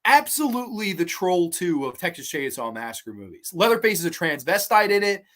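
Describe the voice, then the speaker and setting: A man's voice: high voice, big pitch swings, fairly quick, a bit bright. A man hosting a livestream, giving casual and profane commentary on horror films while reacting to chat.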